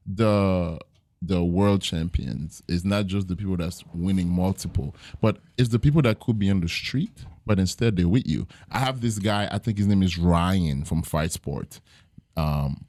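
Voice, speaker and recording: A man with a very deep voice speaks earnestly in a casual podcast interview. He tells his stories reflectively and often pauses on fillers. The sound is dry and close, with almost no room. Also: a little mellow, no room sound. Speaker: jiu-jitsu gym owner and podcast guest.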